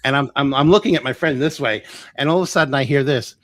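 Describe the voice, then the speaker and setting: A man telling a long personal story in an interview, lively and full of restarts, acting out the voices of the people he quotes. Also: medium pitch, fast, dry recording. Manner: animated, acts out quoted voices, many ums and restarts. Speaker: guest healer.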